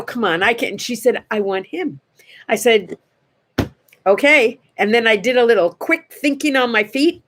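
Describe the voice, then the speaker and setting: An older woman hosts a relaxed morning chat and tells stories with lots of animation. Her voice sits a little high, and she jumps into the voices of the people in her anecdotes. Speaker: host. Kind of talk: casual storytelling chat.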